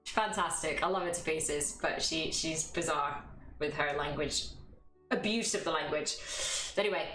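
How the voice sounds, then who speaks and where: A young woman with a deep, fairly bright voice and a cough leads a yoga class on a live stream at a moderate pace. She chats casually, laughs a lot and swears freely, in a roomy space with faint music behind her.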